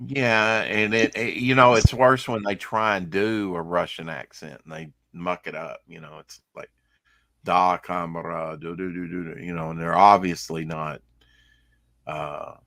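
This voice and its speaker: A man's voice: deep voice, steady tone, unhurried, fairly bright tone, no room sound, clean studio sound. A man chatting casually while gaming, rambling with many fillers and restarts. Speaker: streamer.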